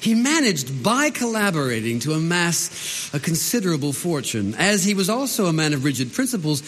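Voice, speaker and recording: A suave, witty courtier. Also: male voice, on the high side, sing-song, normal speed, fairly bright tone, exaggerated voice. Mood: urbane. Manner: smooth, urbane and amused, courteous with a dry wit. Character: suave, witty nobleman courtier, the king's refined favorite. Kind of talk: radio drama acting. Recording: long reverb, faint ambience.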